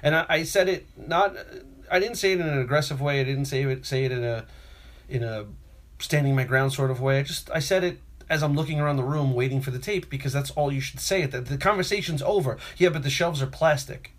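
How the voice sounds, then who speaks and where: A man, co-hosting a casual chat and telling an exasperated story with lively voiced impressions. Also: medium pitch, a little fast. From Brooklyn, New York.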